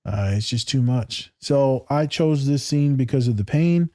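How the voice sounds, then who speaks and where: A man hosting a casual podcast, from Michigan, telling profane, animated stories and acting out quotes. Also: medium pitch, unhurried, dry recording, clean studio sound. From Michigan, USA. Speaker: podcast host.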